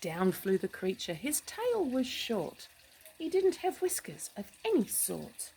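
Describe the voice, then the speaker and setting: A woman reading a picture book aloud to children, animated, with gasps, hushed asides and questions to the listener. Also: medium pitch, measured pace, creaky, slight background noise, poor audio. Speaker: storybook reader.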